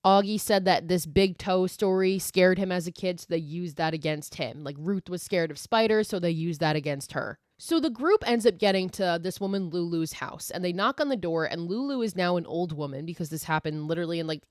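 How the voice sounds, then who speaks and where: A woman hosting a podcast, retelling a film scene by scene in loose, casual chat. She swears freely and fills her sentences with "like". Her voice sits a little low, and the sound is dry and close. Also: brisk, few pauses, no echo. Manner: chatty, swears freely, heavy use of "like". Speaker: podcast host.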